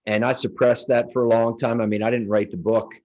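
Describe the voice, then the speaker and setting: A man's voice: medium pitch, level tone, brisk, a little mellow, lo-fi sound. A middle-aged man, a guest in an interview, telling a personal story in earnest and acting out the dialogue.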